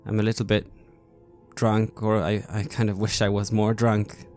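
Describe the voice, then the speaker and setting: A man's voice: fairly low pitch, completely flat delivery, moderate pace, darkish tone, soft background music. A man playing a tabletop role-playing game in character, stammering and hesitant. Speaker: player.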